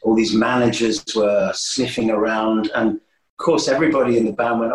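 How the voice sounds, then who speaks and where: A man guesting on an interview, telling stories in a lively, animated way with many restarts. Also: normal speed. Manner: animated, swooping pitch, frequent restarts. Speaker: guest musician. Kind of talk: casual interview storytelling. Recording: roomy echo.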